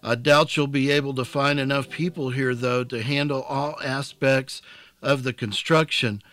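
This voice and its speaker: A man voicing a thoughtful, cautious middle-aged village priest who speaks gently and carefully in a novel reading. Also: medium pitch, steady tone, moderate pace, no room sound, close to an everyday voice. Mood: earnest. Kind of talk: scripted narration.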